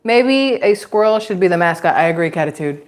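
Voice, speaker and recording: A woman's voice: lowish voice, expressive, brisk, crowd noise. A woman in her forties hosting a casual livestream, chatting and joking and reading viewer comments aloud. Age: 40s. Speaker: livestream host and mother.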